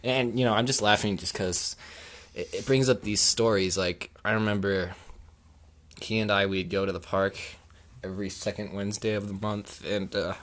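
A man hosting an improvised comedy podcast, talking deadpan and mock-sincere with halting restarts. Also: lowish voice. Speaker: podcast host.

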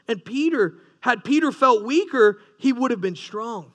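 A man's voice: very high voice, lively intonation, unhurried, a bit bright. A man preaching a sermon, earnest, with rising emphasis and frequent restarts. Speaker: pastor.

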